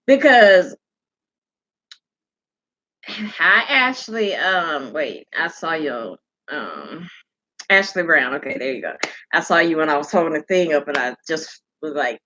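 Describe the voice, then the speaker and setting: Woman livestream host, blunt and profane, bright voice, dull lo-fi audio. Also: on the low side, moderate pace. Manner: blunt, profane, animated ranting. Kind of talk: casual livestream commentary.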